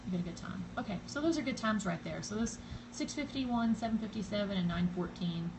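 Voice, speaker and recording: Woman, Southern US accent, casual live-stream tutorial, chatty, rambling, fillers, phone camera mic, steady background noise. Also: mid-range voice, fairly quick. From Southern United States. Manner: greets and thanks viewers by name as they join. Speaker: blogger hosting a live stream.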